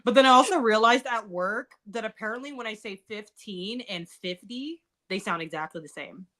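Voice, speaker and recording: A woman living in Texas, chatting casually with a friend during a reading sprint, relaxed and quick to laugh. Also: mid-range voice. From United States. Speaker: booktuber co-host. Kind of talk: casual chat on a reading stream.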